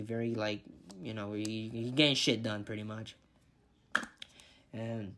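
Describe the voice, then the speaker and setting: A man's voice: mid-range voice, a bit bright. A man giving a casual movie review vlog, rambling and thinking aloud, swearing freely as he picks his favorites.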